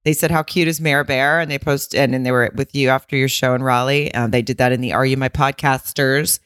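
A woman comedian co-hosting a podcast in casual, teasing chat, quick to laugh. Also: extremely low pitch, steady tone, fairly bright tone, clear, resonant tone, no echo, clean studio sound.

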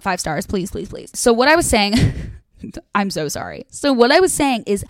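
A young woman from the Midwest rants casually to her viewers. She talks in a blunt, chatty way and swears freely. Her voice sits at an ordinary middle pitch, and the sound is dry with no room echo. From American Midwest. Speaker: vlogger. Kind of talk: casual rant to camera.

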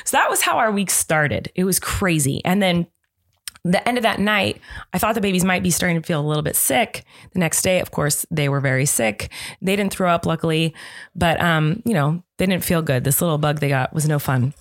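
A woman's voice: lowish voice, moderate pace. A woman in her thirties co-hosting a podcast, telling family stories in a chatty, laughing way. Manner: chatty storytelling, laughs often. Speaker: podcast co-host. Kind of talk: casual chat.

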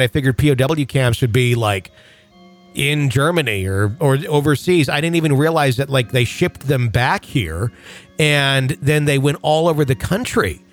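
A man from Wisconsin hosting a paranormal podcast, rambling casually with laughs and the odd swear. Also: a little high. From Wisconsin, USA. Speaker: podcast host.

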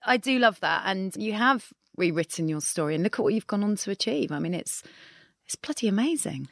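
A woman interviewer speaks fast in a friendly, playful way, pressing her guest with follow-up questions. Her voice sits at a middle pitch and sounds dry and close. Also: animated, creaky, no echo. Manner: encouraging, playful, probing questions. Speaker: interviewer, host. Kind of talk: casual interview chat.

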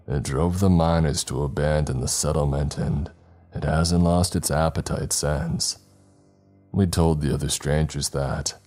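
A grizzled, hoarse barman with slurred speech, as a storyteller puts him on, pitched extremely low and dark in tone. He drags out his warnings slowly and ominously, gruff and wary of strangers.

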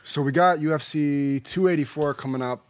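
A man's voice: on the high side, moderate pace, no room sound. A young man co-hosting a casual podcast, talking in a laid-back way and backing up his friend. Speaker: podcast co-host. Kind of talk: casual chat.

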